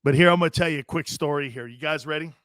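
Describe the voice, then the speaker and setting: A sports talk show host from Connecticut, United States, talks rapid-fire in a voice slightly high for a man. He's excitable, laughs often, and rambles from one story to the next, recorded dry and close to the mic.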